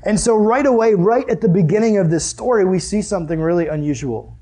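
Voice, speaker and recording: Husky, high-voiced earnest young preacher. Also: male voice, expressive, fairly quick, mellow. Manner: earnest, conversational preaching with rhetorical questions. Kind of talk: sermon.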